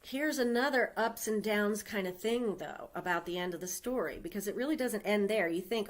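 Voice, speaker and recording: A woman's voice: medium pitch, moderate pace, few pauses. A woman giving a Sunday message, retelling a scripture story in a casual, conversational way with asides to the congregation. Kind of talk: storytelling sermon.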